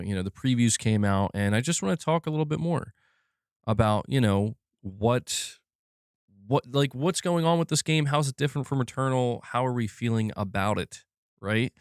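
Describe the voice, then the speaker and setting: A man's voice: medium pitch, animated, normal speed, clear, resonant tone, no room sound, studio quality. A man hosting a casual gaming livestream, chatting loosely and reading out viewers' chat messages. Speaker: livestream host.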